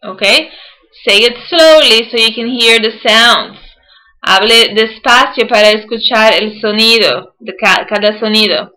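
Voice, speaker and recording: A woman teacher leading an early-years phonics lesson, patient and sounding words out slowly. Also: fairly high pitch, pushed and bright, rough recording.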